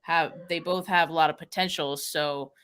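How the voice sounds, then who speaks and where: A woman co-hosting a casual live-stream sports podcast, with a relaxed, somewhat mumbling way of talking. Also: sits low, normal speed, clear, resonant tone. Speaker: podcast co-host.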